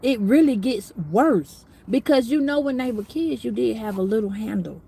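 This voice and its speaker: A woman's voice: a little high, moderate pace, vocal fry, warm tone, slightly rough. A middle-aged woman giving a casual astrology reading, talking bluntly, preachily and with plenty of swearing. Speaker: tarot reader.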